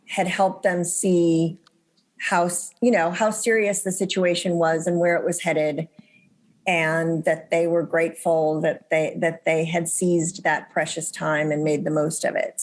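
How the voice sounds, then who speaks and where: A woman being interviewed as a guest author, talking gently and reflectively with many pauses and restarts. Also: on the low side. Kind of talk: conversational interview.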